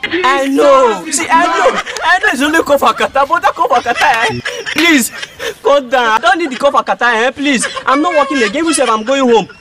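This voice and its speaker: A man with a Nigerian accent playing a bus driver in a comic skit, pleading and excitable, slipping into pidgin. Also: very high-pitched, brisk, over a noisy crowd.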